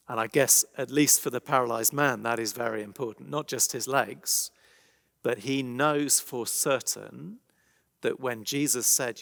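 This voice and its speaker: A man with an English accent giving a conversational church talk on a Bible passage, animated, dropping to hushed emphasis. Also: mid-range voice, unhurried, creaky. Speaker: preacher. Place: church hall. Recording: long reverberant hall.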